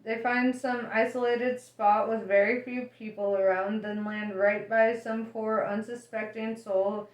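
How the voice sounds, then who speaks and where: A woman's voice: a little high, level tone, a little slow, hardly any pauses, natural voice. A woman voicing a breezy, cheerful adult male alien traveler who talks in an offhand, matter-of-fact and slightly smug way. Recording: echoey room.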